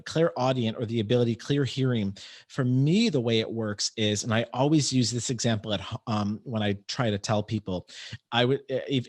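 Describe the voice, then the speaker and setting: A man hosting an interview podcast, talking casually and rambling with many restarts as he explains his work as a medium. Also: medium pitch. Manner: chatty, rambling with frequent restarts.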